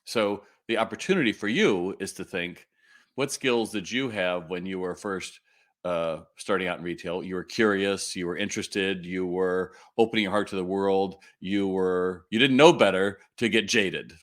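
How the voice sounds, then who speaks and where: A man's voice: deep voice, moderate pace. A middle-aged man hosting a live retail Q&A, talking casually and animatedly, with lots of fillers and restarts. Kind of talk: casual livestream talk.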